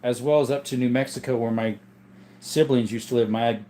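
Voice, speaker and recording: Slight background noise sits under a mellow, mid-range male voice that moves fairly quickly with fairly even intonation. The livestream host, a gun collector in a home room lined with his guns, reads comments from viewers and answers casually and loosely, sounding strained and worn.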